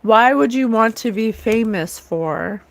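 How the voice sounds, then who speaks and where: A woman hosting a psychic talk show, ranting with scorn in a loose, animated way and often mocking others in sing-song voices. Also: fairly high pitch, takes it slowly, no room sound. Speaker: psychic livestream host. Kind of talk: casual spiritual rant.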